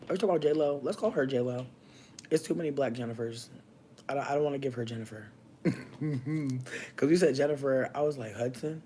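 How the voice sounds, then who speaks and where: A man giving casual comedic commentary in a campy, animated way, laughing often and using heavy slang. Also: medium pitch, fairly quick, slight background noise.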